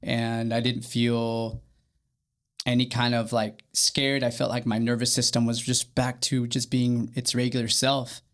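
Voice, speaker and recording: A young man co-hosting a faith podcast, talking earnestly and haltingly with many fillers. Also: medium pitch, completely flat delivery, fairly bright tone. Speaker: podcast co-host. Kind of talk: candid faith podcast chat.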